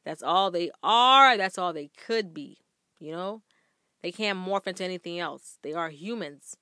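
A woman's voice: lowish voice, animated, a little slow, bright, forceful tone, clear, resonant tone, no echo, clean studio sound. A woman vlogger speaking earnestly and emphatically to her viewers from a room at home. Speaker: vlogger sharing workplace faith tips. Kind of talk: candid talk to camera.

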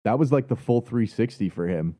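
A man's voice: medium pitch, expressive, brisk, mellow, dry recording. A man co-hosting a podcast in casual chat, blunt and brash, swearing freely. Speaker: podcast co-host. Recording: dry, dull lo-fi sound.

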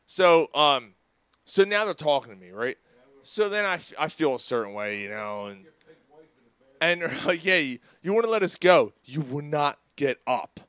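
Smooth and fairly bright, his voice sits on the high side and carries no room sound. The man speaks at a normal pace, very animated, as he co-hosts a laid-back sports talk show from a studio, rambling through a long, curse-filled tale and playing out each quoted person's lines.

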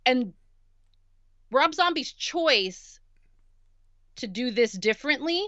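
A woman co-hosting a podcast, giving a measured, thoughtful take on a horror film. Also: high voice, expressive, fairly bright tone, no echo, highs cut off. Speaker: podcast co-host. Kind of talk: casual film discussion.

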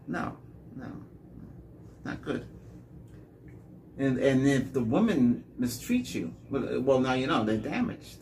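Gravelly-voiced man telling dating stories. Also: a little high, a little hiss or hum. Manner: rambling, repeats words, animated when quoting. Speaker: dating vlogger. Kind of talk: casual storytelling monologue.

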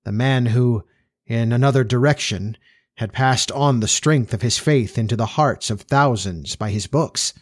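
A man narrating a story in a measured, steady reading style. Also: medium pitch, no room sound, clean studio sound.

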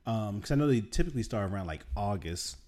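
A man's voice: fairly low pitch, animated, fast, darkish tone. A man co-hosting a podcast in casual chat, telling stories with chuckles. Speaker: podcast co-host.

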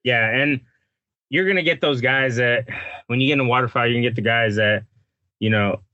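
A man chats on a hunting podcast, stumbling through his sentences and circling back to the same words. His voice is bright and clear, and the recording is dry with no room sound. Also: mid-range voice, dry recording, lo-fi sound. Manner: halting, repeats himself, restarts sentences. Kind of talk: casual chat about duck calling.

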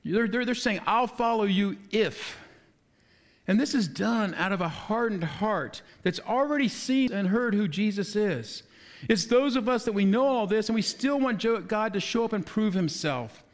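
A pastor with a high-pitched male voice delivers a relaxed, conversational sermon. He reads a passage, then explains it in plain talk. He drops into quick acted-out voices for the people in the story. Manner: conversational preaching, acts out quoted voices.

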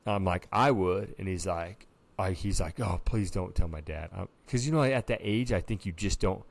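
Here a man co-hosting a podcast speaks at a moderate pace in a low voice with vocal fry. Chatting casually, he spins a lively story, performing the quoted lines and leaning heavily on "dude."

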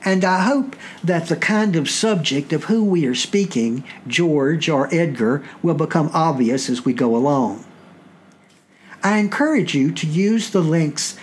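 A man's voice: a little high, slight background noise. Southern-accented man hosting a podcast. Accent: Southern US (Virginia). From Virginia, US. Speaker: podcast host. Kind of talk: explanatory podcast talk.

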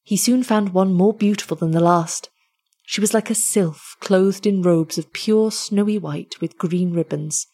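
A woman reading an old tale aloud in a measured, expressive way. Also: medium pitch. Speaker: storyteller.

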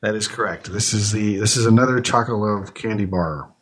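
This podcast host samples snacks and chats away, thinking aloud with fillers while eating. His voice is low, slightly rough, and fairly quick.

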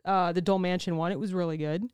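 Upbeat woman, smooth voice. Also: on the low side, steady tone, fast talker, a little mellow. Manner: upbeat, organized, plugs upcoming events. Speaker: podcast co-host. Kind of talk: casual chat.

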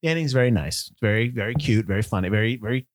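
Sarcastic man with a lively voice. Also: lowish voice, rapid-fire, no echo. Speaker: podcast co-host. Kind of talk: casual movie podcast chat.

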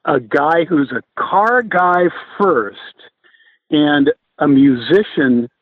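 Male guest, relaxed storyteller, husky, phone-line audio. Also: on the high side, slow pace, no echo. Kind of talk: casual storytelling interview.

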